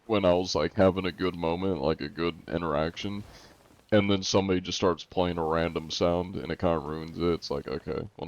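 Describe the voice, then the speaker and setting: Laid-back male streamer, lowish voice. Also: highs cut off. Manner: laid-back, joking, reads chat questions aloud. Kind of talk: casual chat with viewers while gaming.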